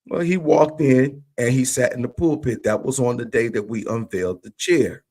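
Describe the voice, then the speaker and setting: A man's voice: mid-range voice, normal speed, darkish tone. A man in a livestream conversation, telling a church story with animation and acting out the dialogue. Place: remote livestream call.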